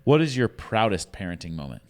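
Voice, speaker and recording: A man's voice: lowish voice, sing-song, a little fast. A man hosting a casual ministry podcast, telling a family story with lots of fillers and restarts. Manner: rambling storyteller with many fillers. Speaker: podcast host. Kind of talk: casual chat.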